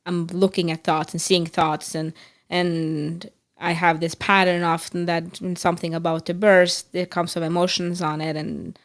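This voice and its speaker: A middle-aged woman, co-hosting a podcast and telling an animated story with restarts and laughter. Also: fairly low pitch, normal speed. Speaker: podcast co-host. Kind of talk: casual chat.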